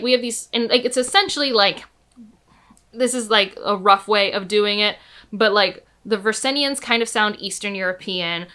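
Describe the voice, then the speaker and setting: A book vlogger chats casually about books, gushing with enthusiasm and sprinkling in plenty of "like" and "um." Her mid-range voice is bright and forceful.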